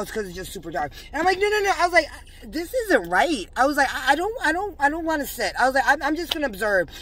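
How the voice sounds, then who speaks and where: A woman's voice: a little high, a bit bright. A woman telling a story in a vlog. She is fervently religious, agitated and rambling, and uses many fillers. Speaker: religious vlogger.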